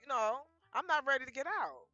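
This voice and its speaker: A woman's voice: high voice, brisk, no echo, muffled recording, soft background music. A woman casually telling her life story, acting out quoted back-and-forth dialogue as she goes. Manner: lively retelling full of quoted dialogue.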